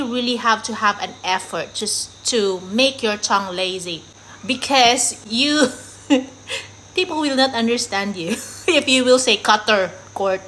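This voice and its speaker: A woman's voice: fairly high pitch, bright, forceful tone, slight background noise, rough recording. A woman from the Philippines with a Filipino accent mixed with American, British and Australian traces, a vlogger talking candidly and rambling, laughing often. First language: Tagalog. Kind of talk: casual talk to camera.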